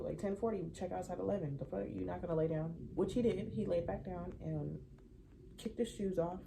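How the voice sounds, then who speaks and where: A young adult woman telling a casual storytime, animated and venting, swearing freely as she recounts her irritation. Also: lowish voice, vocal fry, background noise.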